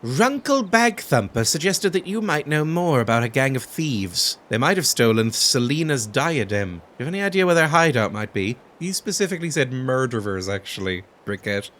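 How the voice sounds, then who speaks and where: A man hosts a let's play, cracking sarcastic jokes about the game while playing and laughing often. His mid-range voice is a bit bright and sing-song, with a moderate pace and few pauses.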